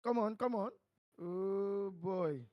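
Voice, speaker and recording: High-voiced man hosting call-ins. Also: slow, no echo, lo-fi sound. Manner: chatty, exclaiming, prodding. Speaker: call-in show host.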